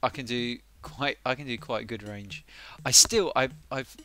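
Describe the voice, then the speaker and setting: A man's voice: mid-range voice, moderate pace, sharp tone. A man streaming a video game live, rambling and self-mocking in casual commentary. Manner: rambling, self-mocking, bursts into silly voices. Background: game music.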